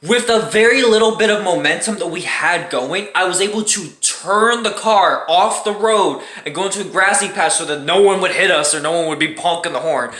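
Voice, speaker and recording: A woman telling a casual storytime vlog with animated, dramatic delivery and plenty of swearing. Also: lowish voice, normal speed, hardly any pauses. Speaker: storytime YouTuber. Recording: roomy echoing room.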